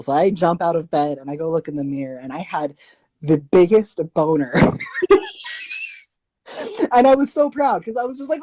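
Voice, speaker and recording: A man's voice: on the high side, brisk, darkish tone, no room sound, low-quality recording. A man co-hosting a podcast, telling a frank, joking story in casual chat. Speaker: podcast co-host.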